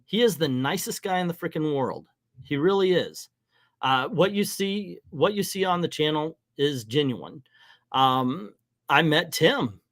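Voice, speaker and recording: A man's voice: on the high side, expressive, measured pace, fairly bright tone, dry recording, clean studio sound. Rambling middle-aged man hosting a livestream. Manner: rambling, frank, hesitant. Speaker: livestream host. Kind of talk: casual livestream commentary. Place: in front of a green screen.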